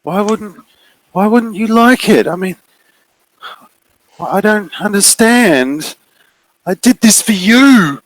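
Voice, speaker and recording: A man voicing a clingy, menacing unseen male creature with a booming voice in a tabletop game, pleading and possessive in slow, drawn-out lines. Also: lively intonation, no echo, low-quality recording.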